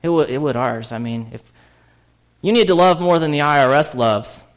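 Slightly high-voiced man preaching. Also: moderate pace. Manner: conversational preaching with fillers, laughs and sudden loud bursts. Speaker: pastor. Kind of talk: sermon.

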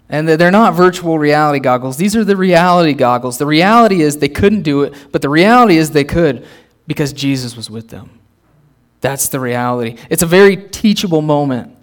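A man with a fairly high voice preaches a sermon. His delivery is chatty and emphatic, and he often repeats himself and restarts his words as he goes. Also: animated, normal speed. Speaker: pastor.

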